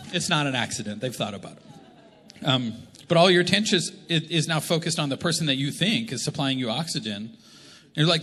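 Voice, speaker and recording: A man's voice: medium pitch, pushed and bright. A man preaching a sermon as a pastor, in a loose, conversational and joking way. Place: church auditorium. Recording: long church reverb.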